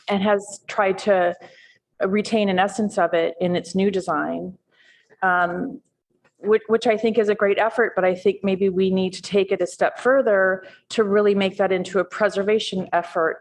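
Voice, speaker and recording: A woman on a city board giving her comments in a public meeting, thoughtful and hesitant with frequent pauses and restarts. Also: mid-range voice. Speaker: board member.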